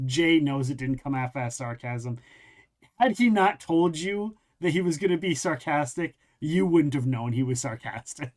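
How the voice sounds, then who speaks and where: A man's voice: fairly high pitch, expressive, normal speed. A man running a tabletop game as game master, narrating with frequent restarts while he searches for words.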